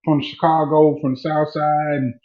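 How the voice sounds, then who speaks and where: A relaxed man tells a story with plenty of cursing and easy laughter, his voice a little higher than most men's. The sound is muffled and lo-fi, like a phone in a live chat room. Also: moderate pace. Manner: relaxed, profane, laughs while talking. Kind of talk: casual storytelling. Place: online audio chat room. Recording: dull lo-fi phone audio.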